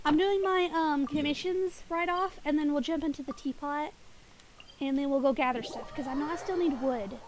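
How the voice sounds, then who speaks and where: Speaking at a moderate pace in a high voice, a young streamer chats casually with her chat while gaming, giggling a lot. She's a little sniffly and hiccuping, with game music in the background and a faint hiss or hum.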